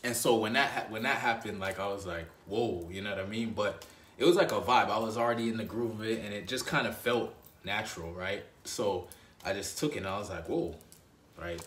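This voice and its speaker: A man's voice: lowish voice, brisk, a bit bright, recorded from a distance, slight background noise. A man telling a personal story in a casual, rambling way, often checking in with "right?" and "you know what I mean". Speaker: dating advice host. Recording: roomy echo.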